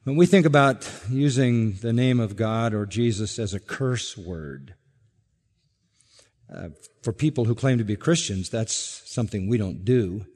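Slow, emphatic male preacher. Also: husky. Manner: emphatic, repetitive, drops soft and low at line ends. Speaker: pastor. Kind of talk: sermon. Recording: long reverb of a hall.

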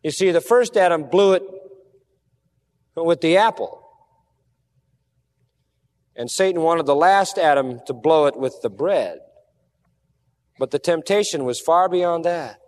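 A man preaching a sermon, earnest and emphatic, dropping low and quiet to stress a point. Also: big-room sound.

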